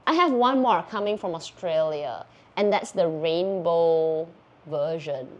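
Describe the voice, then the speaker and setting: A woman's voice: on the low side, a little slow, lo-fi sound. Bubbly giggly woman. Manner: bubbly, giggly and excitable, fangirling. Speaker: YouTube host answering viewer questions. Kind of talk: casual Q&A chat.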